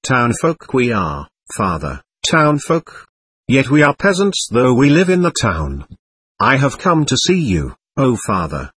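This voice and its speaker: A man voicing a thin, worn peasant mother who laments her dead son in a slow sing-song, within an audiobook reading. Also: mid-range voice, huge pitch swings, fairly bright tone, slightly rough, no room sound, full character voice. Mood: grieving.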